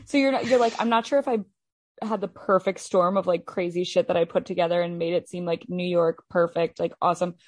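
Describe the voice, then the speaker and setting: A woman's voice: on the low side, fairly even intonation, darkish tone, a little hiss or hum. Teasing woman podcast co-host. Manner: teasing, quick jokes, laughs often. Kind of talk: casual chat.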